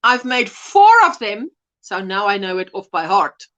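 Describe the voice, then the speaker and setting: Bright, lively woman hosting a chat stream. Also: mid-range voice, normal speed, muffled recording. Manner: chatty, greets viewers by name. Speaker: livestream host. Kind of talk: casual chat, reading viewer comments aloud.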